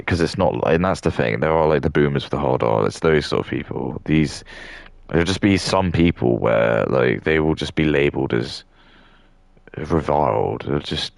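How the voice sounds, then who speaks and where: Very deep gravelly southern English man. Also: no echo. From southern England. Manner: rambling, many fillers and restarts. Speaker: streamer. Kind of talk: casual rambling monologue.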